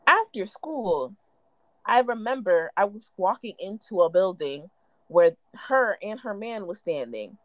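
A young woman spins gossip stories on a casual podcast, her voice leaping high and low as she acts out everyone's lines. The sound is dry and close, with no room around it. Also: very animated, measured pace, no echo. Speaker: podcast co-host. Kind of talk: casual chat, storytelling.

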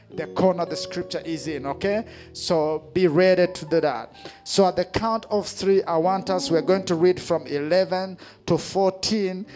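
Male pastor, high voice, builds to shouted call-and-response over soft music. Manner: rousing call-and-response preaching, rising to shouts. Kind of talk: sermon. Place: church. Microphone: handheld mic.

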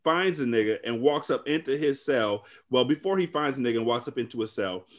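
A man's voice: medium pitch, lively intonation, fairly quick. A man on a podcast casually recapping a bad movie, rambling, cursing and joking. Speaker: podcast host.

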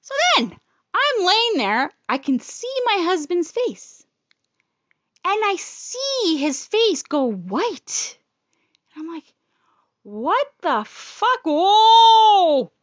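A woman telling a personal story in a blunt, profane and animated way. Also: very high-pitched, takes it slowly, no echo, lo-fi sound.

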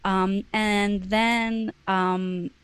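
A woman's voice: medium pitch, little pitch movement, extremely slow, clear, resonant tone, no room sound. A woman co-hosting a podcast, casually summarizing a novel's plot with lots of "like" fillers. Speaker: podcast co-host. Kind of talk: casual book-club chat.

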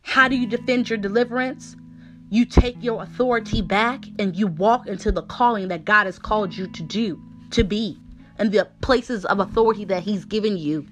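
A woman's voice: mid-range voice, moderate pace. A woman preaching a sermon with fervor, asking the listeners question after question.

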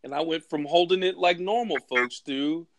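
A man telling a wild story in casual chat, animated and laughing often, with crude slang. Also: fairly high pitch, moderate pace, dry recording.

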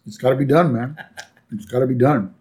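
A man's voice: mid-range voice, a little fast. A man co-hosting a podcast, casually recapping a cartoon episode and reacting with animation. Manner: animated, reacts and acts out quotes. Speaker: podcast co-host.

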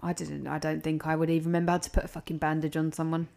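A woman's voice: low voice, little pitch movement, very fast, creaky, warm tone. A woman co-hosting a podcast, chatting casually with blunt, sweary, dry remarks. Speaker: podcast co-host. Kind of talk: casual chat.

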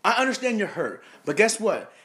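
A man co-hosting a casual sports talk show, animated and mocking, full of slang. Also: high-pitched, a little fast. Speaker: podcast co-host.

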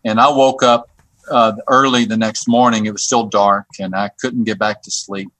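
A man who works on a church staff tells a personal story as a guest. He talks haltingly, repeating words and restarting his sentences. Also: lowish voice, steady tone, a bit bright, dry recording. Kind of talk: telling a personal story on a podcast.

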